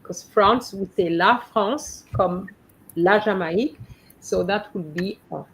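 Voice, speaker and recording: A woman's voice: medium pitch, a little slow, a bit bright, a little hiss or hum, rough recording. A woman teaching French in a live online class, patiently going through her students' letters and correcting them one by one over a video call.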